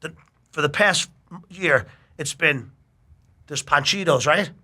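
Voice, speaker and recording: A middle-aged man telling a long personal story in casual chat, animated and full of swearing. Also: fairly high pitch, takes it slowly.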